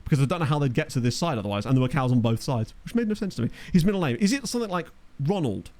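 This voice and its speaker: A young adult man streams a football management game, offering casual commentary with wry asides and replies to chat. His fairly high voice is darkish, rapid-fire and lively in intonation, picked up by a desk microphone.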